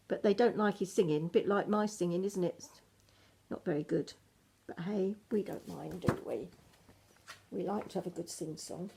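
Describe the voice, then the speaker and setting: A woman's voice: lowish voice, normal speed, creaky, pauses often, husky. Grandmother reading a picture book. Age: older. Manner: gentle, chatty asides to children.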